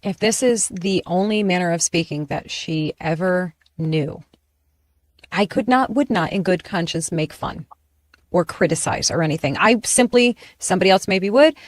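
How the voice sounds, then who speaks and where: A woman hosting a political commentary chat show, talking in an animated way and often stopping to restart her sentences. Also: fairly low pitch, normal speed, dry recording. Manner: animated, self-interrupting, frequent restarts. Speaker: host.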